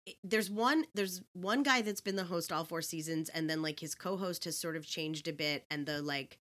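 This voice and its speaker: Woman, lowish voice, casual chat, animated, filler-heavy, dry close sound. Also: normal speed, no echo. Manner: animated storyteller, many fillers and restarts. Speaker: podcast co-host.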